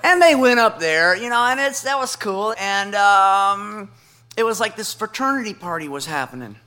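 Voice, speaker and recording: Animated man spinning a comic tale. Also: high voice, moderate pace. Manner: animated, playful comic delivery. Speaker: comedian. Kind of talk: stand-up storytelling.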